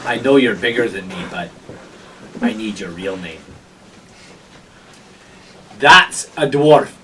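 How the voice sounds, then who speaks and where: A man's voice: lowish voice, animated, takes it slowly, fairly bright tone, a little hiss or hum, voice pushed down. A man playing a suspicious male town guard, with a dry, blunt manner, recorded from a distance.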